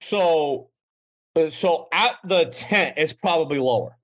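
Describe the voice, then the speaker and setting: Young guy on a podcast, kinda high voice, swears a lot, tells stories loud and lively. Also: takes it slowly. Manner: profane, animated storytelling with acted quotes. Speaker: podcast co-host. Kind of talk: rowdy casual chat.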